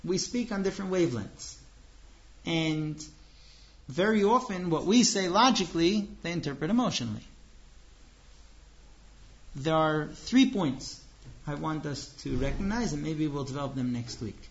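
A man with a slightly high voice gives a religious lecture. He explains patiently and earnestly, slipping into acted-out dialogues. The recording is dull and lo-fi. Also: lively intonation, normal speed, long pauses. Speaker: religious teacher.

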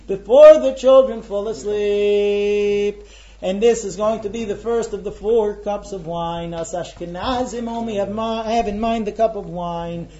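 A man leading a ritual meal and explaining each step to his guests in a brisk, good-humored way. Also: high-pitched, steady tone, warm tone, dull audio. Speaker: seder leader. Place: room with a group of guests.

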